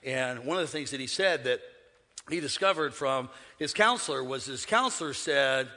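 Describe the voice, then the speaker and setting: A man preaching a sermon in a church, joking with the congregation and swinging between shouting and hushed asides. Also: mid-range voice, animated, normal speed, long reverb tail. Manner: humorous, conversational preaching. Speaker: pastor. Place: church sanctuary.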